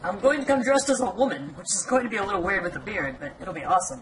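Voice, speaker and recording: A young woman provides let's play commentary, teasing casually and laughing a lot as she plays a video game. Her medium-pitched voice is lively and rapid-fire, captured in a low-quality home recording with clear background noise.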